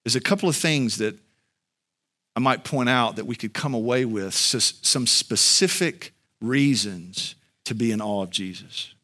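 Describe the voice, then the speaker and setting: A man preaching a sermon as pastor, speaking to the congregation in a conversational way and building to loud, high-pitched emphasis. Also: a little slow. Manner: conversational, addresses the congregation directly.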